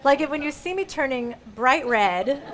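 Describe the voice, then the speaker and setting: A woman's voice: sits high, lively intonation, moderate pace, a bit bright. A woman performer explaining audience call-outs at a live show in a museum, playful and chatty, laughing often. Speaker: solo musical performer.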